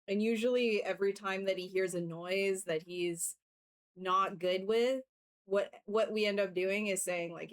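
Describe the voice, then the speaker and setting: A woman's voice: medium pitch, steady tone, moderate pace. A woman livestreaming while she works, chatting casually with viewers, laughing often and retelling things with animation. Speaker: livestreaming artist. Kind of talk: casual chat while working.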